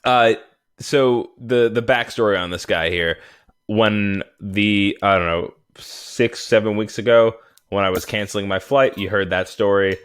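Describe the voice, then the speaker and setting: A man's voice: on the low side, measured pace, clean tone. A man co-hosting a movie podcast, chatting casually with lots of restarts and fillers. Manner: rambling, animated, many fillers and restarts. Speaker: podcast co-host.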